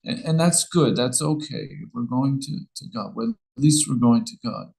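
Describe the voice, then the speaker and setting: A man's voice: mid-range voice, moderate pace, gravelly, darkish tone, rough recording. A man giving an informal scripture class, telling a story in a rambling way with many restarts.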